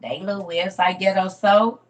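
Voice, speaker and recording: A woman hosting a casual ministry livestream, chatting with viewers and calling them "y'all", going from loud bursts to murmured asides. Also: mid-range voice, fairly even intonation, normal speed.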